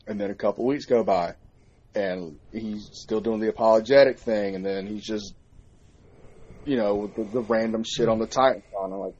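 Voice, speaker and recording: A man telling a story in a casual chat, profane and animated as he recounts it. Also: fairly low pitch, normal speed, breathy edge, highs cut off. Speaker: podcast co-host.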